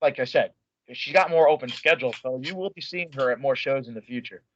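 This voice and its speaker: A young man, an interview guest, telling a story in an excitable, animated way with lots of "like" and restarts. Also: mid-range voice, a little fast. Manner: many filler likes and restarts. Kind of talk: casual storytelling. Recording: dull lo-fi dry sound.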